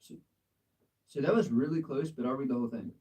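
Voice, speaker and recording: An American man tutors English in a relaxed live session, gently correcting pronunciation and laughing often. His voice is mellow and warm, and he sits a little back from the mic. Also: mid-range voice, brisk, distant mic, rough recording. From United States. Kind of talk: live language exchange lesson.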